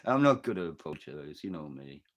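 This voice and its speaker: A man with a northeast English accent hosts a loose, rambling livestream, reading out comments and riffing on them. His voice sits very low but swings widely in pitch as he jokes, swears freely and drifts off topic. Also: very animated, fairly quick. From northeast England. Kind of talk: casual chat reading live comments.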